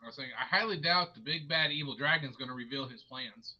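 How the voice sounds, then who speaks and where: A man's voice: medium pitch, fairly quick, pushed and bright, highs cut off. A man playing in a tabletop game, chatting casually and easygoing. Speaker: player.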